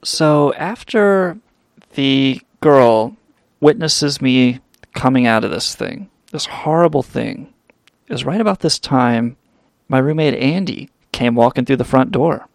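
A man's voice: mid-range voice, animated, slow pace, vocal fry, no echo, clean studio sound. A young man hosting a radio show, telling a wild story in a rambling, profane way with lots of fillers. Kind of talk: storytelling drug anecdote.

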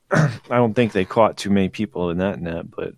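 A man's voice: deep voice, normal speed, gravelly, dry recording. A man co-hosting a podcast who rambles loosely with fillers and swearing. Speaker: podcast co-host. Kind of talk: casual podcast chat.

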